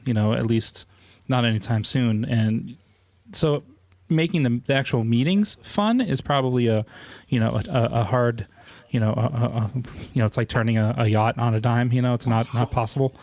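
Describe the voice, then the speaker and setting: A man's voice: mid-range voice, moderate pace, a little mellow, dry recording. A man, hosting a podcast in a rambling casual chat full of filler words. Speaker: podcast host.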